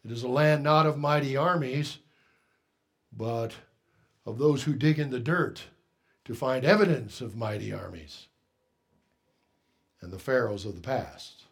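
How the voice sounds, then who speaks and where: A man preaching a sermon in a church as pastor, swinging between loud emphasis and hushed tones and putting questions to the congregation. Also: medium pitch, measured pace, long pauses, slightly rough.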